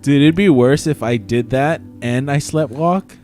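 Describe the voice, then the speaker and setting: A man's voice: medium pitch, a little slow, darkish tone, soft background music. A man in a casual chat, rambling and correcting himself as he goes. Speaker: guest.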